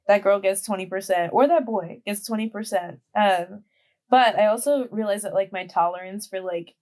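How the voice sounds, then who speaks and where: A woman's voice: mid-range voice, a little mellow. A woman in her twenties chatting casually as a podcast guest, talking in a rambling way with lots of fillers. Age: 20s. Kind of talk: casual chat.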